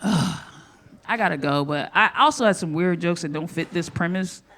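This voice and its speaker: A woman performing a live stand-up set on a comedy club stage, brash and profane, with sudden loud outbursts. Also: lowish voice, normal speed.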